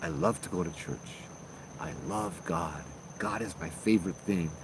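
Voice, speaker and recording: Man voicing an older guy, low-pitched, quiet flat delivery, unsettlingly calm, faint crickets behind. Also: normal speed, background noise, lightly acted.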